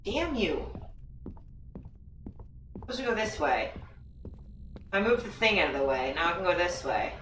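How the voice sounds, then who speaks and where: A woman's voice: fairly low pitch, very animated, normal speed, pauses often, fairly bright tone, slight background noise. A woman streaming a game live, exasperated and cursing at it as she plays. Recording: echoey room, distant mic.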